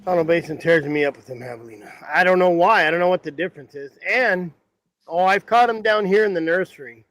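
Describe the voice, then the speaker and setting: High-voiced man chiming in dryly. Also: a little fast, a bit bright, no echo. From Arizona. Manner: short reactions and questions, laughs easily. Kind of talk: casual chat.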